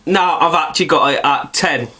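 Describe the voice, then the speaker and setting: A man's voice: fairly high pitch, moderate pace, bright, forceful tone, husky. A man, stuffy and nasal from hay fever, rambling chattily through a casual video review and swearing now and then.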